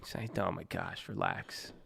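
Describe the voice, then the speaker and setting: A man's voice: on the low side, moderate pace, a bit bright, slight background noise. A young man from Southern California streaming at his computer, chatting casually with viewers in a joking, slangy, profane way. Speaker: live streamer. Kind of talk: casual chat reading viewer messages. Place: at a computer, indoors.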